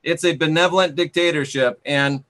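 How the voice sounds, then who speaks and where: A man's voice: on the high side, fairly even intonation, moderate pace, fairly bright tone. A man hosting a live stream, reading viewer comments aloud and sarcastically scolding and banning rude commenters. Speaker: channel host.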